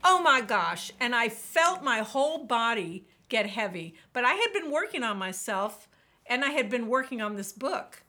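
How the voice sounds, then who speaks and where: A woman with a bright, clear voice and a fairly high pitch talks as a podcast guest. She tells her stories with animation and acts out her own past thoughts. Her delivery is expressive and lively. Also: moderate pace. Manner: animated storyteller, quotes herself vividly. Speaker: guest, burnout author. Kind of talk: podcast interview, storytelling.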